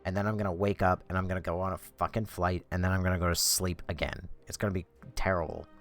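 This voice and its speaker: A game streamer rants profanely and in exasperation while chatting on a livestream from home. He talks fast in a deep voice with flat delivery and a bit of brightness, over soft background music.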